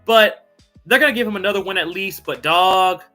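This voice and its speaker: A fired-up man running a live fight-recap stream, talking in a bright, forceful voice that sits a little high. He swears freely and keeps calling out viewers by name. Faint music plays behind him. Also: moderate pace. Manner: hyped, profane, shouting out chat viewers. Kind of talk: casual live-stream sports talk, reading chat.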